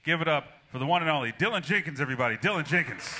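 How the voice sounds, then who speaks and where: A man's voice: on the high side, lively intonation, racing. A man hosting a live comedy show at a small venue, upbeat and hyping up the crowd. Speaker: show host.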